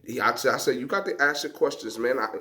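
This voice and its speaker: A man vlogging from an outdoor home gym, telling a story to his viewers in a lively, emphatic way while working a rowing machine. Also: fairly quick. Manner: lively, emphatic storyteller, acting out quotes with big pitch jumps.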